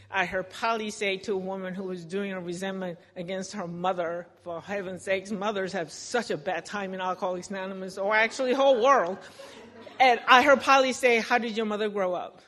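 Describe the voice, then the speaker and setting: A woman's voice: medium pitch, a bit bright, long reverb tail. A woman telling her recovery story in a candid, self-deprecating way, often laughing at herself. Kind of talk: personal recovery testimony.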